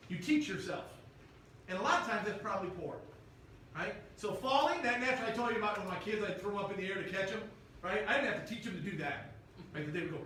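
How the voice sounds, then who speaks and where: A man's voice: high-pitched, bright, forceful tone, slight background noise. A man leading a church Bible class in a casual, conversational way, often checking in with "right?". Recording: echoey room, mic far off.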